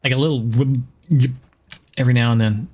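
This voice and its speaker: A man's voice: mid-range voice, brisk, darkish tone, breathy edge. A man streaming and chatting casually, joking and laughing often. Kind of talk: casual chat.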